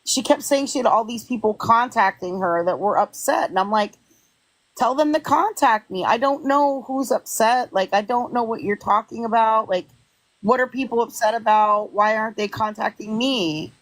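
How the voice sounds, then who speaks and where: A woman's voice: fairly high pitch, normal speed, dry recording, rough recording. A woman, a content creator, retelling an online argument and reading the messages aloud in an exasperated, incredulous way.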